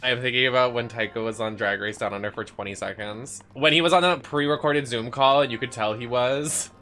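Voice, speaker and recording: A man's voice: mid-range voice, brisk, bright, forceful tone, a little hiss or hum. A man streaming a video game, chatting with campy, dramatic outbursts and frequent laughter. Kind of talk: livestream gameplay commentary.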